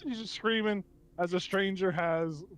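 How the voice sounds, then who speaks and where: A man's voice: high-pitched, a little slow, a bit bright, clean tone. A man narrating a tabletop game as game master, often chuckling and restarting as he goes.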